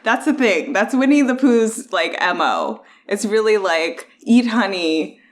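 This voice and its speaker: A young woman hosts a casual podcast and talks at a middle pitch. She is playfully contrarian and fills her speech with "like." She sounds chatty and unscripted. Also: very animated, unhurried. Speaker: podcast host.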